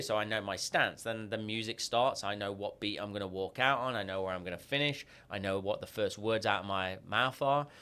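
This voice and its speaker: An Australian man as a podcast guest, telling stories and acting out quoted dialogue with lively jumps in pitch. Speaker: guest, sales coach. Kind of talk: podcast interview storytelling.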